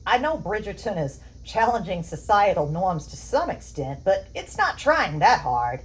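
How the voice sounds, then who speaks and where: A woman's voice: mid-range voice, sing-song, normal speed, low-quality recording. A woman co-hosting a chat show, emphatic and sarcastic as she argues her point. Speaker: podcast co-host. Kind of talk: opinionated casual chat.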